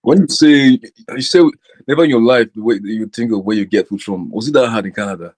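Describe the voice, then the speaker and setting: A man's voice: on the low side, fairly quick, no room sound, low-quality recording. A young man from Nigeria, chatting on a podcast and asking teasing questions. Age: young adult. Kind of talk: casual chat.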